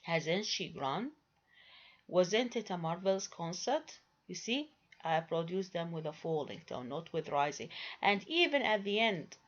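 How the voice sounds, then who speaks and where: A woman giving a grammar lecture, hesitant, with many fillers and restarts, quizzing her listeners with rhetorical questions. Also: fairly low pitch. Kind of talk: recorded lecture. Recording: dull lo-fi recording.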